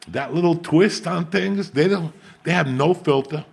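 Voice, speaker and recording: A middle-aged man from Cuba tells rowdy, profane stories in a casual chat. His voice is gravelly and husky, and he laughs his way through the punchlines. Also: a little high, a little slow. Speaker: podcast host.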